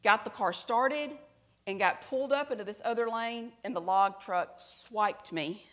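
Brief middle-aged woman preacher, earnest storyteller, goes soft and hushed at tender moments. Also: medium pitch, unhurried. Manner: earnest storytelling, drops to soft quiet tones at emotional parts. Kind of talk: sermon with personal story.

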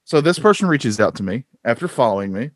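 He's a fast-talking podcast co-host whose mid-range voice has a sing-song lilt. His casual chat wanders, packed with fillers and restarts, and the studio-quality recording is dry.

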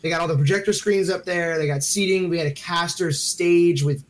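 A man's voice: a little high, a little fast. A man co-hosting a gaming podcast, chatting casually and saying dude and bro a lot. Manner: laid-back, says dude and bro a lot. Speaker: podcast co-host. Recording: faint background noise.

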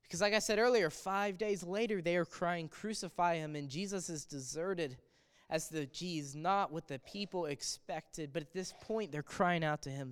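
A male pastor with a high, smooth voice delivers an animated sermon. He rises and falls in loudness as he builds each point. His words ring out in a church sanctuary with a long reverb trailing behind. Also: normal speed. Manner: animated preaching, swelling louder on quoted cries.

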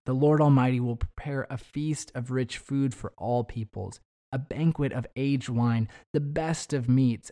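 A man delivering a sermon in a mellow, warm voice, reading scripture aloud and lifting his emphasis as he goes. His pitch sits in an ordinary middle range. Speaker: preacher.

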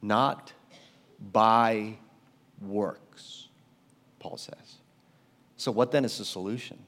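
A man preaching a sermon as pastor, emphatic and conversational, swinging from loud urgency to quiet low stretches. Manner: conversational, self-deprecating asides.

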